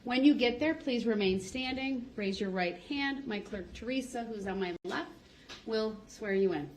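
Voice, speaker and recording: A woman's voice: fairly high pitch, moderate pace. A woman judge running proceedings with orderly, formal instructions. The audio comes from a courtroom livestream, roomy with a faint hiss behind her.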